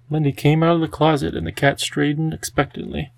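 A man reading a children's storybook aloud in a gentle, even storytelling manner. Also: a little high, a little fast, no room sound. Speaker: audiobook narrator. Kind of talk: scripted storybook narration.

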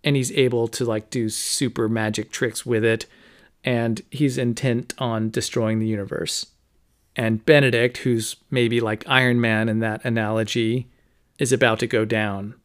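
Guy on a podcast going over a book, pretty monotone, lots of likes and you knows. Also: medium pitch, unhurried. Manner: conversational, many fillers like "you know" and "like". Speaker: podcast host. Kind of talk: casual book recap with read-aloud quotes.

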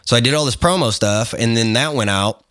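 A man's voice: mid-range voice, fairly quick, no room sound, studio quality. A man on a podcast telling a long story, full of fillers and restarts, acting out the other people as he goes. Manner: rambling, lots of fillers and restarts, animated retelling. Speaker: guest photographer. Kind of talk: casual interview storytelling.

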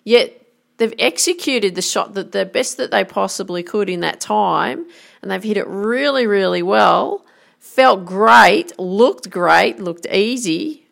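Casting: middle-aged woman, golf coach, earnest and emphatic, with a touch of vocal fry. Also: mid-range voice, slow pace. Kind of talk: motivational talk with anecdotes.

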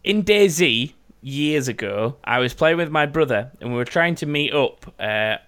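A man's voice: medium pitch, expressive, measured pace, a bit bright, clear, resonant tone. A man hosting a podcast, reading out listener stories in a rambling, jokey way and swearing freely. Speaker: podcast host.

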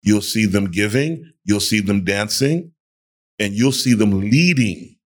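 A pastor appearing as a guest on a casual panel conversation speaks at a measured pace in a fairly low voice. He's an animated storyteller who acts out the quotes in his stories.

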